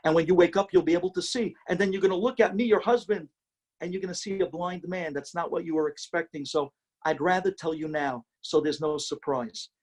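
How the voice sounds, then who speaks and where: A man voicing a gentle, selfless blind husband in a soft, tender, lower voice. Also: brisk, close to an everyday voice. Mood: confessing.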